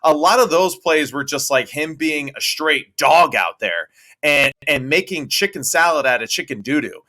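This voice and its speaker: Bright-voiced former quarterback, folksy talk. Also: male voice, fairly high pitch, animated, moderate pace. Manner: colloquial, repeats words, asks rhetorical questions. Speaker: former quarterback turned analyst. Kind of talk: casual sports debate.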